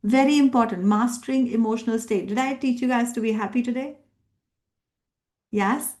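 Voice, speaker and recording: Leading a live workshop, a middle-aged immigrant in Australia who works as an NLP coach and trainer uses a slightly high, darkish voice at a moderate pace. She is emphatic and repetitive, rallying participants by asking them questions.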